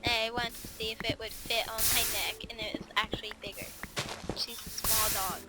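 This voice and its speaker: A woman's voice: a little high, flat delivery, fairly quick, over loud music, rough recording. A female let's-play host in casual gaming chat, chatty and giggly, rambling with lots of fillers.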